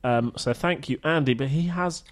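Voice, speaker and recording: A man's voice: mid-range voice, normal speed. A man hosting a podcast in casual chat, easygoing as he reads out plugs and listener emails. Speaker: podcast host.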